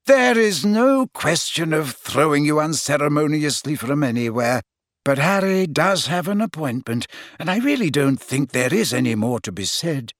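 A man doing a calm old headmaster. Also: on the high side, dry recording, clean studio sound, pitched above the performer's own voice. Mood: patient. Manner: measured, gently exasperated. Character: elderly male headmaster, calm and wise.

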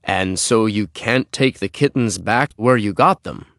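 A firm father with a dry sense of humor, voiced by a male storyteller, speaking in a measured, unhurried voice that sits a little low. It is a children's storybook reading in a dry, close recording. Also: fairly bright tone, dry recording.

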